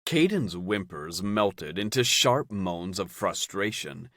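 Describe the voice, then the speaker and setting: A male narrator reads a romance audiobook in a very deep voice. His storytelling is steady and unhurried, and the recording is close and dry. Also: dry recording.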